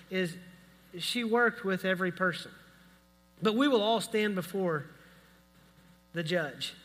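A man preaching a sermon as a pastor, telling a story in a conversational, animated way with quick asides. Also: high-pitched, breathy edge. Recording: reverberant hall.

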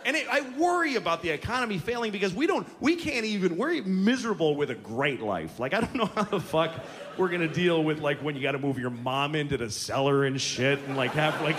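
A man in his forties doing a stand-up comedy routine, ranting with profanity and slipping into quick character voices. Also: fairly high pitch, fairly bright tone, a little hiss or hum. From United States. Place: large theater on stage. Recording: live theater with hall reverb and crowd laughter.

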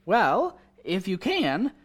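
A high, flustered young dad. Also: male voice, wildly swooping pitch, slow, husky, full character voice. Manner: flustered, exclaiming. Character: flustered, excitable suburban husband and father. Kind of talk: 1940s radio acting.

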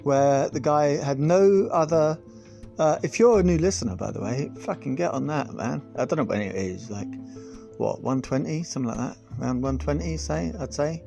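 A man's voice: fairly high pitch, normal speed, gravelly, mellow, faint music behind. A man hosting a podcast, delivering a sarcastic, sweary comic monologue on politics, full of rambling asides. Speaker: podcast host.

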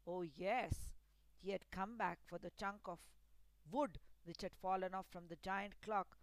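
Slow, deliberate woman storyteller. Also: mid-range voice, steady tone, no room sound, low-quality recording. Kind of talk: scripted story narration.

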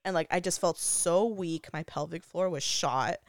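A young woman vlogger tells a personal story casually and chattily, full of "like" fillers and laughing often. Her voice is fairly low at normal speed, in clean studio sound with no room noise.

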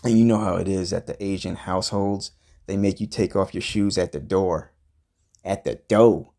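A man hosting a comedy podcast, telling a crude, profane story in a rambling, deadpan way and grumbling about everything. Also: low-pitched, a little fast, vocal fry. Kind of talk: improvised comedic monologue.

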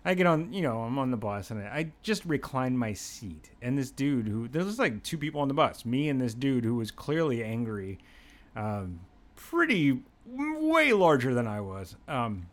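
A young adult man from Pennsylvania hosting a podcast, telling a story in a rambling, animated, self-mocking way and swearing freely. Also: mid-range voice, moderate pace. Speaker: podcast host. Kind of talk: casual storytelling monologue.

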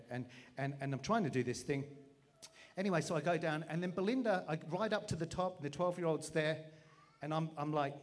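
A man, preaching through a funny personal story with a self-mocking, animated manner and acted-out voices. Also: a little high. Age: 40s. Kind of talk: storytelling sermon.

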